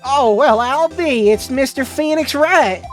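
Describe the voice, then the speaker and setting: A man's voice: extremely high pitch, measured pace, soft background music, voice pushed up. A man voicing a brash, pushy woman photographer with a put-on Southern accent and a folksy, bossy drawl.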